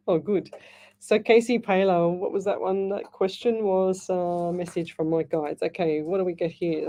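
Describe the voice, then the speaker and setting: A woman with an Australian accent hosting a live psychic call-in radio show, chatty and quick to laugh. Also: fairly low pitch, a little mellow. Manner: chatty, laughs easily, reads messages aloud. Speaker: psychic medium radio host. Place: radio studio.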